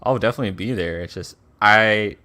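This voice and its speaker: A man's voice: on the low side, fairly quick, pushed and bright. A man co-hosting a casual podcast, talking about films in a hesitant way with many ums. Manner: hesitant, lots of ums and restarts. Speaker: podcast co-host. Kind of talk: casual chat.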